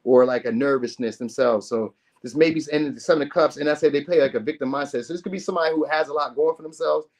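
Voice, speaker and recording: A man's voice: on the high side, quick pace, a little mellow. A man giving a casual tarot reading to camera, chatty and slangy, swearing freely and acting out what people might say. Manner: loose and chatty, slangy, swears, acts out quoted lines. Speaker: tarot reader.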